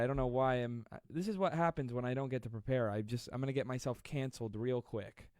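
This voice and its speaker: A man in his twenties hosting a live stream, reading viewer comments aloud and joking with a fast, self-deprecating manner. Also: mid-range voice, a little mellow, no echo, studio quality. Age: 20s. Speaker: livestream host.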